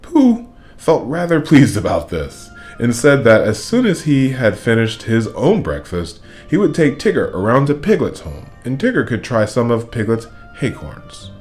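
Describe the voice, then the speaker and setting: Expressive man reading a children's story. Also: mid-range voice, moderate pace, faint music behind. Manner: expressive, playful. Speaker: storybook reader.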